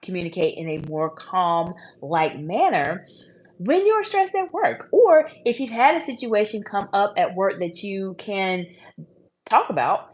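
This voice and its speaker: A woman in her forties who coaches women leaders, giving advice to the camera in a measured, emphatic, repetitive way. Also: medium pitch. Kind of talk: advice video talking to the camera.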